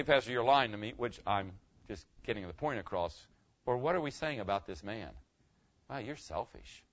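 A male pastor preaching a sermon, animated, swinging between loud bursts and hushed asides. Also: medium pitch, highs cut off.

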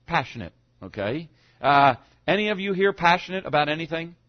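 A man preaching a sermon to his congregation, swinging from loud to hushed as he goes. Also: fairly high pitch, very animated, a little fast. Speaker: pastor. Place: church sanctuary. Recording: dull lo-fi sound.

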